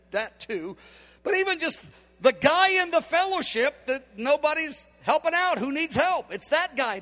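A man's voice: extremely high pitch, sharp tone. A man in his fifties preaching a sermon, emphatic and acting out the dialogue he quotes. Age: 50s. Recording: long hall reverb.

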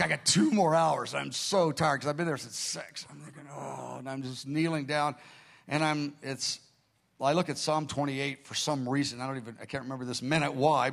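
A man preacher telling a personal testimony in a sermon, animated and storytelling, repeating phrases and acting out dialogue. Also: mid-range voice, gravelly.

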